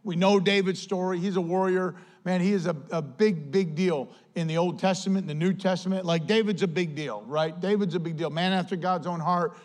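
A man preaching a sermon as pastor, emphatic and repetitive, swinging between loud declarations and hushed, earnest passages. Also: sits high. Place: church.

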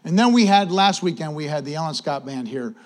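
A man, preaching a sermon and giving church announcements in an animated, casual way. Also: fairly high pitch, fairly quick. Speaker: pastor.

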